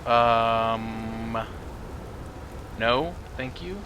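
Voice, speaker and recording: A male streamer giving chatty, excitable gameplay commentary at home and talking back to his cat now and then. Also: medium pitch, drawn-out words, background noise.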